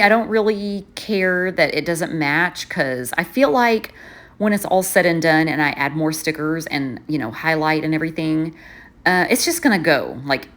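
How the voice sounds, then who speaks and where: A woman vlogger chatting casually while setting up her planner, rambling and poking fun at herself. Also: on the low side. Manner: rambling, chatty and self-mocking, often trailing off.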